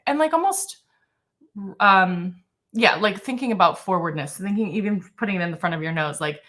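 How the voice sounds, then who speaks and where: Woman voice coach running a singing warmup, bright voice that swings up and down, faint music behind. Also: normal speed. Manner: relaxed, chatty, thinks aloud with many fillers; breaks into high sung and hooted vocal exercises. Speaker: vocal coach. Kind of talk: live-streamed singing warm-up.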